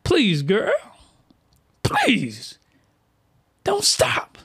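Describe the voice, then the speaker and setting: A man raising his voice to play a brash, swaggering female bounty hunter who talks loudly. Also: sits high, wildly swooping pitch, extremely slow, gravelly, husky, full character voice.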